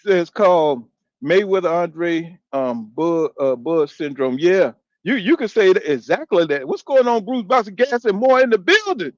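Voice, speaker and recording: A man in his fifties runs a boxing channel and reads viewer comments during a casual live stream, cursing freely and responding to chat. His high voice is sing-song at a normal speed. The sound is lo-fi with no echo.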